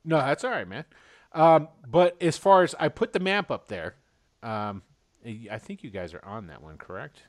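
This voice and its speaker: A man running a tabletop game as game master over a video call, rambling and halting with many fillers. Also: mid-range voice, very animated, no echo, studio quality.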